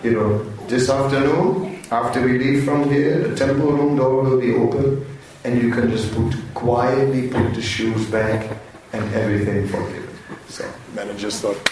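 A man giving a spiritual talk, telling a story in a lively way and chuckling often. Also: medium pitch, moderate pace. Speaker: spiritual teacher. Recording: very echoey hall, distant mic, faint hum.

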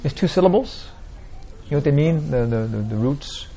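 A man's voice: a little high, animated, normal speed, dark tone. A man teaching a small group in an informal spiritual talk, rambling and repeating "like that, you know" often.

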